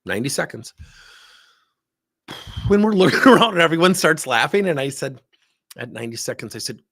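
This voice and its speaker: A man gives a keynote on leadership, telling a workplace story with lots of swing in his pitch. His voice is husky and a little gravelly. He acts out both sides of the conversation as he goes. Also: fairly quick, long pauses. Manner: animated storyteller acting out dialogue. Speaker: leadership speaker.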